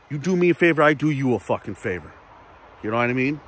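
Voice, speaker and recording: A man's voice: medium pitch, lively intonation, fast, fairly bright tone, breathy edge. A man ranting casually to camera in a vlog, profane, rambling and repetitive. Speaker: vlogger.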